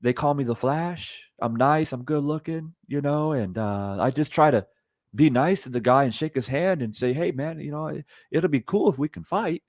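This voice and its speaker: A man putting on a mocking version of a soft-spoken, self-satisfied young boxer, breezy and halting with fillers. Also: fairly high pitch, no room sound, clean studio sound, lightly acted.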